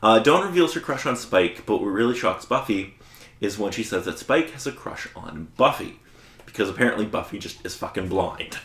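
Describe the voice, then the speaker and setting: Guy on a podcast running through the plot, low voice that jumps around a lot, laughs a bunch, echoey room. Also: normal speed. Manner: laughs often, animated plot summary. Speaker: podcast co-host recapping episode. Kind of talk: casual podcast recap.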